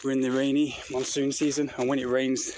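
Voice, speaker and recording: A man's voice: medium pitch, flat delivery, a little fast. Breathless man vlogging on a hike. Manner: rambling, blunt, talking while walking uphill. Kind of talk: casual vlog while hiking. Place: outdoor hiking trail. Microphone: phone held in hand. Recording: noisy outdoor phone recording.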